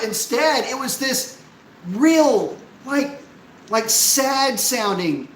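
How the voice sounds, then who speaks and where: A man hosting a casual live stream, ranting in an animated, profane, exasperated way and reading out chat messages. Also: extremely high pitch, takes it slowly, echoey room, slight background noise, poor audio.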